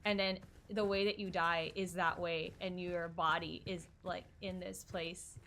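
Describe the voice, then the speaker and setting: A woman's voice: lowish voice, level tone, unhurried, a bit bright, a little hiss or hum. Chatty young woman streamer, jumpy. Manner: chatty, easily spooked, thinks aloud. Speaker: gaming streamer. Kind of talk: casual live-stream commentary.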